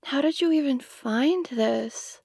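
A woman's voice: sits high, slow pace, creaky, a little mellow, no room sound. A young woman performing an audio role-play to the listener, talking casually and giggly, with lots of "like".

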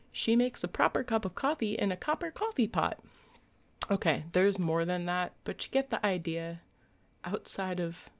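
A young woman reciting tongue twisters, giggly and swearing, coaching herself along in a breathy half-whisper. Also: on the low side. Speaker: content creator.

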